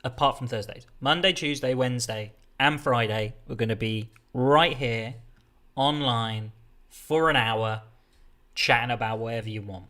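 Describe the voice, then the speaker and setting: This is a man hosting a relaxed livestream from his own desk setup. His voice sits in an ordinary middle register. He talks in a loose, chatty way, wandering off track and cutting his sentences short. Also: medium pitch, a little slow. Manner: rambling, chatty, self-interrupting. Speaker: livestream host. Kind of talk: casual livestream chat. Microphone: desk setup with a mixer.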